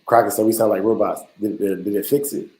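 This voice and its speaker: A man's voice: lowish voice, fairly even intonation, fast, a little mellow, rough recording. A man hosting a podcast livestream in a laid-back, slangy way, often repeating words. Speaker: podcast host. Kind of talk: casual livestream chat.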